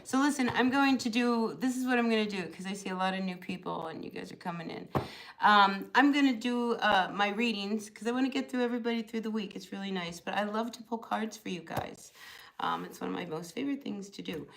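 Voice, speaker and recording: A woman's voice: mid-range voice, fairly quick, vocal fry, slight background noise. A woman with a New Jersey accent, chatting loosely through a live tarot reading with lots of fillers. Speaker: tarot reader.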